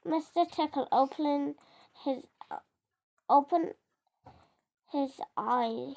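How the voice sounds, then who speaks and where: Slow, high-voiced child reading aloud. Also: creaky, darkish tone. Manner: halting reading aloud, stumbling over words and correcting itself. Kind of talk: storybook reading.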